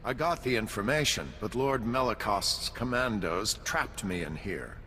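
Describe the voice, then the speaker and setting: A dignified Jedi Master from a video game who speaks with calm, formal composure. His tone is bright and his pitch moves freely. The voice carries a long reverb. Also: unhurried, slight background noise.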